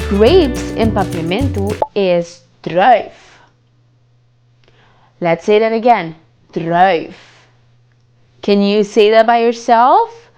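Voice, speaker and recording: Very slow, lively woman teaching kids. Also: medium pitch. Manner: slow and patient, repeats each word and prompts children to echo. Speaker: children's language teacher. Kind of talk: slow, sing-song kids' lesson.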